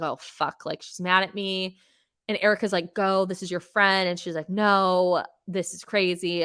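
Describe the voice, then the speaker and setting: A young woman hosting a pop culture podcast, recapping reality TV in an animated, gossipy way, swearing freely and full of fillers. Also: mid-range voice. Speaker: podcast host.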